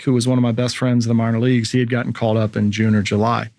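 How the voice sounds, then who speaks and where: A man around forty, a former baseball pitcher, telling a story as a podcast guest and acting out the voices of people in it. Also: fast talker, dry recording. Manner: animated storyteller, acts out quoted voices. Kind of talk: casual storytelling interview.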